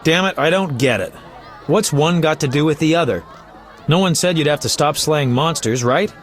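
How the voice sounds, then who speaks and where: A man's voice: on the high side, moderate pace, close to an everyday voice. A man voicing a chatty, flamboyant male poet and bard who talks in a teasing, talkative way. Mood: lively. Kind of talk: video game voice acting.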